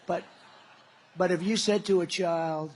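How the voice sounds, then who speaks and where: Guy giving a campaign rally speech, kinda high husky voice, rambles and repeats himself, hammers his points. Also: steady tone, a little slow, a little mellow. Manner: rambling, repetitive, emphatic. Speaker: political candidate.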